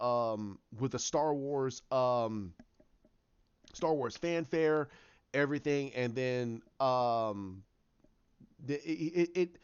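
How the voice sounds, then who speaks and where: A man's voice: mid-range voice, a little mellow, clear, resonant tone, highs cut off. A man casually talking through a story idea, rambling with lots of restarts and acted-out bits. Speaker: fan commentator.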